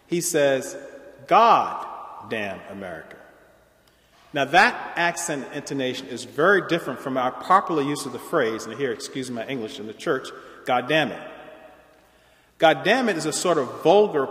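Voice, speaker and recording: Male lecturer, mid-range voice, deliberate academic delivery, long hall reverb. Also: medium pitch, fairly bright tone. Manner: measured, explanatory, occasional restarts.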